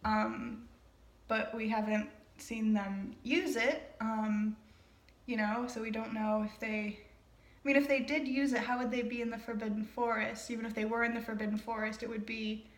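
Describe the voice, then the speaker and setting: A woman's voice: a little high, little pitch movement, normal speed. A woman casually reading a play aloud and chatting about it, with frequent laughs and rambling asides. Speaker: reader and commentator. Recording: roomy echo.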